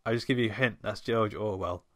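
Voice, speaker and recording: A man's voice: lowish voice, fairly quick, slight background noise. A man co-hosting a podcast in casual chat, joking, laughing often and running a quiz. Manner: jokey, laughs often, wordplay. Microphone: headphones, home mic.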